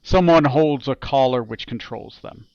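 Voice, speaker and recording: A man narrating as game master, relaxed and full of fillers and repeated words. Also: mid-range voice, normal speed, gravelly, clear, resonant tone, dry recording, lo-fi sound.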